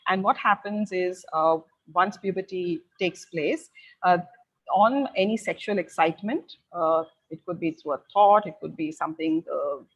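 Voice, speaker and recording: A middle-aged woman giving parents measured advice, pausing often on fillers as she explains. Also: lowish voice, low-quality recording. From India. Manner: measured and advisory, with frequent filler pauses. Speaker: parenting educator.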